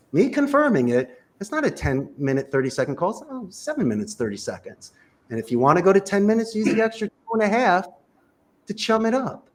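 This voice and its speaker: Animated high-voiced man coaching sales. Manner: emphatic, punchy, coaching. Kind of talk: energetic advice in a panel chat.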